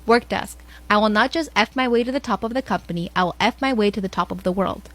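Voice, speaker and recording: A woman reading online stories aloud in a fast, even storytelling voice. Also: medium pitch.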